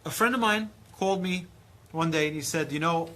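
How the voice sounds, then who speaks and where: A man in his thirties, a rabbi giving a lively Torah lecture, acting out dialogue with big swings in pitch and loudness. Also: fairly quick. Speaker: rabbi teaching a class.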